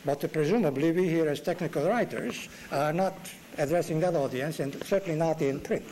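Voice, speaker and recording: A man lectures in a university room, with dry humor and lines that lift sharply for emphasis. His voice sits a little high for a man. A faint hum of room noise runs underneath. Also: brisk, dark tone, low-quality recording. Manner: dry wit, emphatic rises. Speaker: guest lecturer. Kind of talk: classroom lecture.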